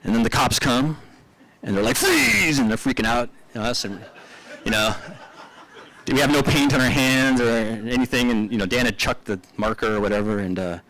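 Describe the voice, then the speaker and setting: A man's voice: mid-range voice, steady tone, a little fast, a bit bright, poor audio. A man telling loose, laughing stories about an old friend at a memorial service, in a casual rambling way with many fillers. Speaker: eulogy speaker. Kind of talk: casual storytelling eulogy.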